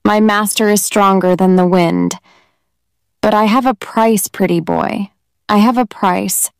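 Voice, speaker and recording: Sly young witch, wheedling; a woman reads her, slow pace. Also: medium pitch, clean tone, dry recording, lightly acted. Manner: wheedling, repeating herself.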